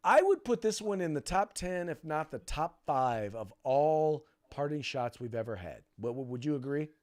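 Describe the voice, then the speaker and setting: A male podcast host in casual political talk with a somewhat higher-pitched voice. He speaks emphatically, repeating words and restarting phrases as he works out his point. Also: lively intonation, moderate pace, darkish tone.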